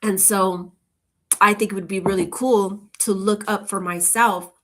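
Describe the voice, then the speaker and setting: A woman chatting casually with her viewers, rambling from one thought to the next in a relaxed, upbeat way. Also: medium pitch, unhurried. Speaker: channel host.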